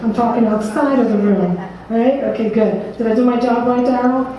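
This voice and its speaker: High-voiced woman with a New Jersey accent. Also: normal speed, warm tone, a little hiss or hum. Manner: quizzes the audience, calls on people by name. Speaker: workshop presenter. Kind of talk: interactive seminar talk. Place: meeting room with an audience. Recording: echoey room from a distance.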